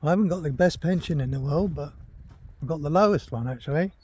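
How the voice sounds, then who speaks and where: A man's voice: on the high side, fast talker, a little mellow, slightly rough. An older retired man, chatting casually while he walks through a forest and talks to his dog. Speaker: vlogger. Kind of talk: casual walking vlog. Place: forest, outdoors.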